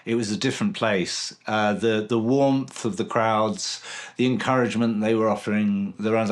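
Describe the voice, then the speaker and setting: A man's voice: on the low side, moderate pace. A man in his forties hosting a casual interview, telling a personal story in an earnest, reflective way. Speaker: podcast host.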